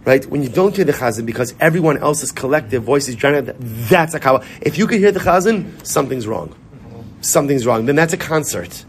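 A man giving an informal, animated Torah class in a synagogue, repeating his points and mixing in Hebrew and Yiddish terms. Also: mid-range voice, brisk, a little hiss or hum. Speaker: rabbi.

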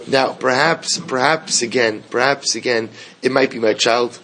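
A man's voice: mid-range voice, fairly even intonation, unhurried, bright, forceful tone, a little hiss or hum. A man teaching a Torah class in an earnest lecture style, repeating key phrases for emphasis and mixing in Hebrew and Yiddish terms.

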